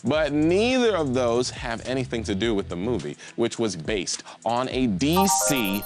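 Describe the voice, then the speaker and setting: A man's voice: medium pitch, unhurried. A man hosting a live trivia game show, reading questions and cracking goofy jokes between them. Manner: jokey, animated, goofy asides.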